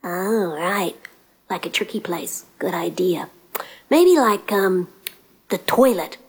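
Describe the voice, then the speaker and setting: A woman's voice: lowish voice, animated, slow, breathy edge, exaggerated voice. A woman voicing a lazy, nosy young prince who talks casually with many "like"s, in a storybook telling over guitar music. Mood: wheedling. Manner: casual, hesitant, filler-heavy with "like". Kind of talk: storybook voice acting.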